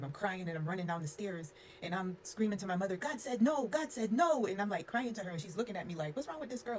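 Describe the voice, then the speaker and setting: A young woman rattles through a personal storytime at a quick clip, frank and unfiltered, leaning on "like" as she goes. Her voice sits low for a woman. A faint hiss runs underneath. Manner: frank, unfiltered, sprinkles in "like" and cussing. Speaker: storyteller vlogger. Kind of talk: casual storytime.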